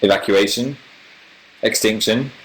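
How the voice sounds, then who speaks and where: A YouTuber in his twenties from northern England, near Manchester, hosts a casual livestream and answers viewer comments. He's animated and rambling, with a fairly low voice at a measured pace, and the recording is rough.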